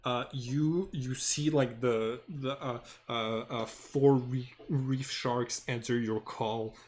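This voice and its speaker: A man running a tabletop game as game master, talking haltingly with many fillers and humming to himself. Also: medium pitch, steady tone, slight background noise. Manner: halting, full of fillers, hums while working.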